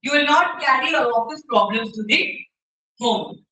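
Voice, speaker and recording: A woman with an Indian English accent runs an interactive workshop. Her voice is high and bright, and she keeps checking in with her listeners. The sound is roomy, picked up from far off in a hall. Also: normal speed. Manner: checks in with the audience often, demonstrates gestures. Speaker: soft skills trainer. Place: university hall.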